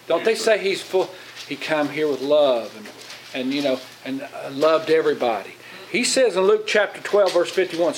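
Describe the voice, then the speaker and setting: A man's voice: a little high, expressive, normal speed, a little hiss or hum, rough recording. A man preaching in a church as pastor, plain-spoken and conversational, often putting questions to the congregation. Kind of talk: sermon.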